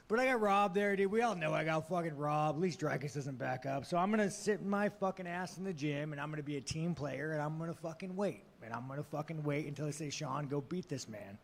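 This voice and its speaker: A fighter answering reporters at a press conference, brash and joking, swearing constantly. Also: male voice, a little high, fairly quick, vocal fry. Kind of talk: profane casual press talk.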